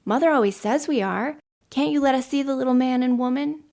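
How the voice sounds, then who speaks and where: A woman's voice: high-pitched, brisk, darkish tone, voice pushed up. A woman reading the lines of two little sisters, eager and pleading.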